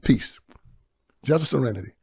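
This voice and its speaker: A man from Tennessee, talking in a preaching style, moving from loud emphasis to hushed storytelling. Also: medium pitch, expressive, normal speed, vocal fry, slightly rough. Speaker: guest.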